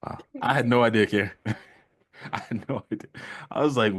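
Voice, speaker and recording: A man's voice: mid-range voice, normal speed, husky, no echo, studio quality. A man hosting a casual live stream chat while painting, laid-back, laughing often and repeating himself. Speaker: livestream host.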